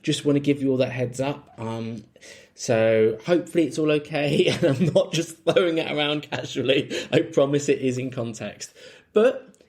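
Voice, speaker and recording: A man's voice: medium pitch, normal speed, darkish tone. A man hosting a podcast, talking through an intro in a chatty, apologetic way with frequent ums. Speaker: podcast host.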